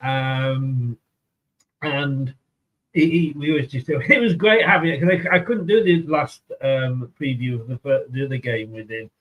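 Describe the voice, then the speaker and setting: A man's voice: medium pitch, unhurried, dull audio. Rambling easygoing Australian man. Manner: rambling, easygoing, many fillers. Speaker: host. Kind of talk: casual fan chat.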